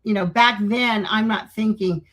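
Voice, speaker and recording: Husky older woman telling stories. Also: medium pitch, steady tone, a little slow, fairly bright tone, low-quality recording. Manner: rambling, with many restarts and acted-out quotes. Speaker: guest. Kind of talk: casual interview storytelling.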